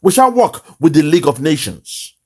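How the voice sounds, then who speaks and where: Man, Nigerian accent, political commentary host, fiery, mocking, animated pitch. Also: moderate pace, breathy edge. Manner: fiery, mocking, bursts into laughter. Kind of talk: impassioned online commentary.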